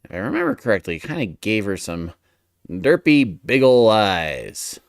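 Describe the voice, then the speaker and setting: A man chats his way through a live drawing stream, thinking aloud and often muttering short words to himself. His speech is unhurried, with a lively, wandering melody and a smooth, clear tone. He sounds playful and relaxed as he works. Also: on the low side, dry recording, studio quality. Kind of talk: casual chat while drawing.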